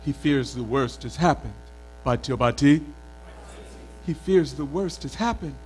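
A male storyteller from Mali telling a folk tale in an expressive, dramatic way at a live event. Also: fairly high pitch, normal speed, slight background noise, poor audio. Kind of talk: oral storytelling performance. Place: country club event.

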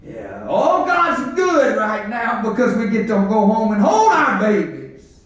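Preacher, male, high-pitched, shouting then dropping low; church hall echo, distant mic. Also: big pitch swings, a little slow. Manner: swings between shouting and hushed, low delivery. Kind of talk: impassioned revival sermon. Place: church sanctuary. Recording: echoey church from far off.

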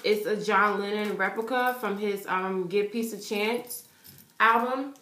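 A woman's voice: mid-range voice, measured pace. Chatty young woman in an echoey room. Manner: animated, chatty, full of "like" fillers. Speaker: vlogger. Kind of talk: excited storytelling.

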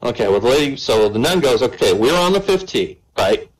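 A man's voice: medium pitch, a little fast, low-quality recording. A man telling a long joke at an online comedy night, adding "right?" after his lines. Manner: animated storyteller, keeps adding "right?". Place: online voice chat comedy show.

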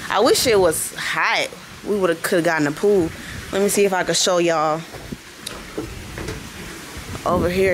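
A woman's voice: fairly low pitch, noisy background. Chatty woman vlogger touring a house. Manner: chatty, addresses viewers as y'all. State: out of breath. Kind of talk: casual vlog house tour. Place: large rental house, indoors.

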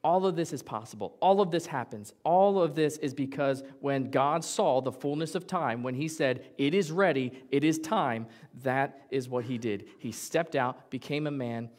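A man preaching a sermon from the pulpit in a mid-pitched voice. He keeps it conversational and jokey and often acts out little quotes as he goes. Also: normal speed, hardly any pauses, a little mellow. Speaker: pastor. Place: church sanctuary.

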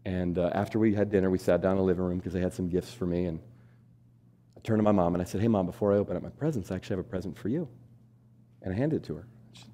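A man speaks quickly on a stage, his voice low and mellow. He is in his forties and tells a personal story to a live audience. He asks them questions and acts out the voices of the people in the story. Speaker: keynote speaker. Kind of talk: storytelling keynote talk.

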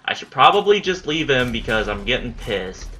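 A man's voice: medium pitch, sing-song, normal speed, bright, forceful tone, slight background noise. Frustrated young man swearing through gameplay. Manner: frustrated, swearing, mutters at the enemy. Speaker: gameplay commentator. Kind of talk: casual gaming commentary.

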